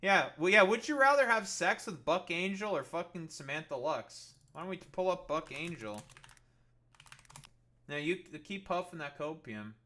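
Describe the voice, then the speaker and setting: Guy streamer cussing out his chat, high bright voice, picking fights nonstop. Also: lively intonation, normal speed. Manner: profane, combative, mocking. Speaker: political streamer. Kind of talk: livestream argument with chat.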